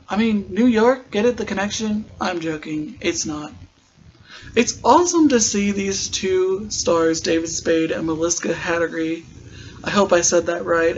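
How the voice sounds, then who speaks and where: High-pitched guy doing a jokey rambly episode recap podcast, kinda muffled lo-fi audio. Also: slight background noise. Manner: chatty, joking, rambling asides.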